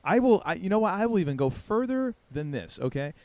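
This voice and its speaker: A man hosting a casual podcast chat, talking in an animated, playfully contrarian way with many restarts. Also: sits high, brisk, no echo. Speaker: podcast host.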